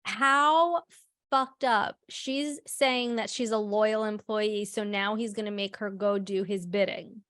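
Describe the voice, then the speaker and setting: A woman co-hosting a podcast walks through a TV episode in loose, blunt chat, dropping swear words as she goes. Her voice sits at an everyday female pitch. The recording is close and dry, with no room sound. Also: fairly even intonation, slow, fairly bright tone, clear, resonant tone, dry recording. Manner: blunt, swears freely while recapping. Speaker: podcast co-host. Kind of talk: casual podcast recap.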